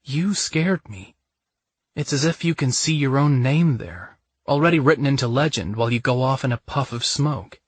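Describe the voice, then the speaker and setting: Guy doing a young woman's voice, higher pitched, pleading, kinda breathy, dry sound. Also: expressive, normal speed, no room sound. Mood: upset, bitter. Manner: emotional, pleading. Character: young woman, frightened then tender lover.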